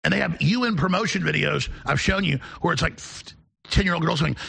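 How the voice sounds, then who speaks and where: A man hosting a call-in talk show, delivering a sarcastic rant with shouted outbursts. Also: a little high, quick pace, creaky, slightly rough. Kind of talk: ranting call-in show monologue.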